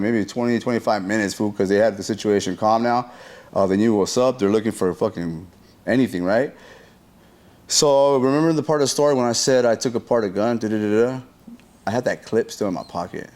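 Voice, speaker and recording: A man telling a story in a casual interview, using slang and profanity, acting out quoted lines and adding sound effects. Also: medium pitch. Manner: animated retelling that acts out what people said.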